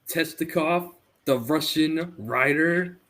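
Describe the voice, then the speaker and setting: A man in his thirties co-hosting a podcast, telling stories in an animated way with lots of fillers and laughs. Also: fairly high pitch. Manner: animated storyteller, quick to laugh, many "like" fillers. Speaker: podcast co-host. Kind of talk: casual chat.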